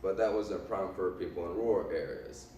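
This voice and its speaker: A man playing a cocky 1920s gangster boss in a class presentation, with a put-on Italian accent, talking haltingly with many ums and uhs. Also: sits low, darkish tone, slight background noise. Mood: boastful. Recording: echoey room from far off.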